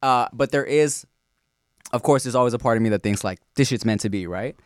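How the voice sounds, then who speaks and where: A man's voice: mid-range voice, fairly quick, no echo, clean studio sound. Playful man hosting a casual podcast. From Long Beach, California. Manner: loose, playful, swears freely. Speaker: podcast host. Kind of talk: casual chat.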